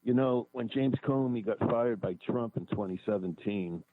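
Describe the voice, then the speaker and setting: A man's voice: lowish voice, moderate pace. A man calling in to a talk radio show, giving a plain, matter-of-fact opinion over the phone. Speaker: caller. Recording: tinny phone line, dry.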